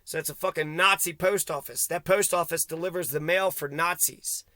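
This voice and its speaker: A man's voice: fairly high pitch, steady tone, moderate pace, sharp tone, no echo. A man ranting angrily to camera outdoors, swearing constantly and rambling as he vents. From Kentucky. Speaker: vlogger. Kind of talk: angry profane rant to camera.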